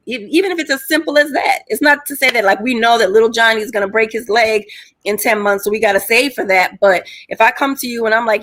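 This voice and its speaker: A woman's voice: a little high, fairly quick, fairly bright tone. A woman co-hosting a podcast, speaking frankly and casually about relationships and communication, with casual cursing. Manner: frank, outspoken, curses casually. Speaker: podcast co-host.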